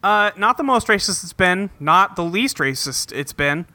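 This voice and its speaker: A man's voice: high-pitched, expressive, moderate pace, noisy background. A man co-hosting a casual podcast, recapping a cartoon episode with jokes and frequent fillers. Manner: joking, hedges with fillers like um and anyway. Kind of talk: casual chat.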